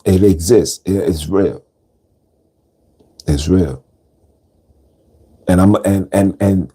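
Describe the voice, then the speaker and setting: A man's voice: mid-range voice, vocal fry, dark tone. A man hosting a podcast, talking casually in street slang and repeating words for emphasis. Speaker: podcast host. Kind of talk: casual monologue.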